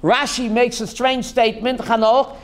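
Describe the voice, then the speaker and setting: Lively, joking rabbi with a high voice. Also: male voice, moderate pace. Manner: lively, addresses listeners by name, jokey asides; mixes Yiddish and Hebrew terms. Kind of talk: animated Torah class to a live group.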